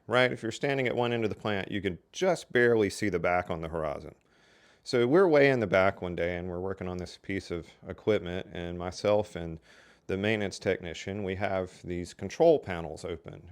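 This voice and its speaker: An older man telling casual stories from his working life in a folksy, chatty way. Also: sits low. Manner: folksy and chatty, with lots of "so anyway" and "you know". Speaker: storyteller. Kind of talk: casual storytelling.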